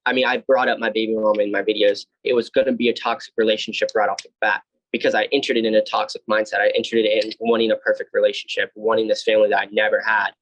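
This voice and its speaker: A man's voice: fairly low pitch, little pitch movement, quick pace, few pauses, fairly bright tone, no echo, rough recording. A young man in his twenties, a podcast guest, telling his own story with candor, blunt and swearing freely, with many fillers and restarts. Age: 20s. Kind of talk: candid personal storytelling.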